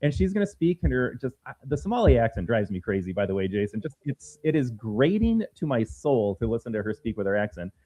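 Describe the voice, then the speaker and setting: A man's voice: medium pitch, very animated, brisk, few pauses, mellow, poor audio. A man co-hosting a political commentary podcast, talking in a heated, sarcastic way. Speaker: podcast co-host.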